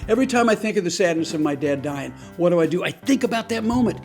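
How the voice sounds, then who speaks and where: A man hosting a talk on grief and humor, telling a true story with earnest, slow, emphatic phrasing. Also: high voice, expressive, faint music behind. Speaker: host.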